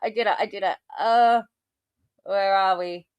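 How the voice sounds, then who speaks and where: A woman's voice: mid-range voice, fairly even intonation, a little slow, clean tone, no echo. A woman hosting a show, commenting sarcastically on clips and swearing often. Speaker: host reacting to clips. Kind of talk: casual commentary over clips.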